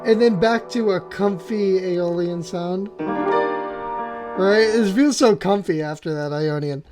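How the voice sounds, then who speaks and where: A man's voice: high-pitched, slow pace. Eager man explaining piano harmony. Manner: enthusiastic, keeps checking in with "right?". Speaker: piano channel host. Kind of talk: music theory lesson. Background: faint piano playing.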